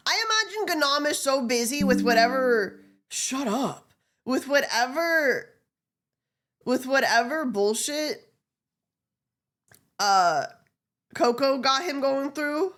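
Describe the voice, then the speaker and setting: A woman's voice: sits high, slow pace, long pauses, fairly bright tone. A woman streamer chatting casually with a stuffy, congested nose, giggling, swearing and rambling. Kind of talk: casual live-stream chat.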